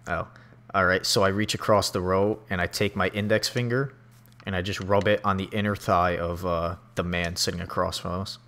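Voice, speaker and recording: Young guy gamer, lowish voice, dry and bored sounding, casual. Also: steady tone, normal speed, a bit bright. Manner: dry, indifferent. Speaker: player. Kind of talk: casual role-play banter.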